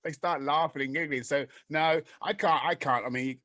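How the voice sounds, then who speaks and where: A man co-hosting a podcast, telling stories with a lively, stammering energy. His voice sits a little high, and the recording is dry and close. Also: normal speed, no room sound. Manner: animated storyteller, stammering restarts. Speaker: podcast co-host. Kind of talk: casual podcast chat.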